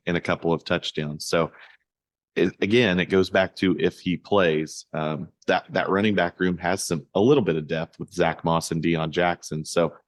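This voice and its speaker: A man with a very low voice talks through a casual podcast chat, pausing and restarting as he thinks. The sound is dry and close, with no room around it. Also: dry recording. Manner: halting, many fillers and restarts. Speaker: podcast co-host.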